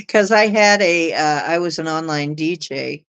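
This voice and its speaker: A middle-aged woman telling a personal story in a chatty, animated way. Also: low voice, smooth, poor audio. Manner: chatty, animated retelling with laughs and acted quotes. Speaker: astrology show guest. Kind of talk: casual storytelling.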